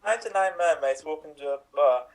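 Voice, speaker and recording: A man performing in an improv comedy show, rattling off quick one-liner jokes. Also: on the high side, poor audio. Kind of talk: quick-fire improv joke telling.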